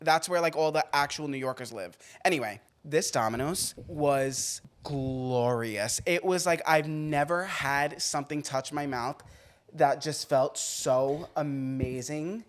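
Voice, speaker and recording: A young man from Long Island, chatting on a podcast. His voice rises and falls a lot, and he leaps into loud, high-pitched shrieks whenever he acts out a scene. His storytelling is animated, quick and playful. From Long Island, New York. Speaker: podcast co-host. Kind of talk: casual chat.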